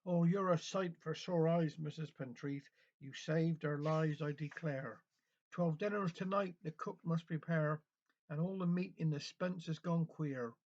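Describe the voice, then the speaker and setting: A man's voice: fairly high pitch, fairly even intonation, measured pace, darkish tone. Man doing a flustered manor housekeeper. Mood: relieved. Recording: dull lo-fi recording.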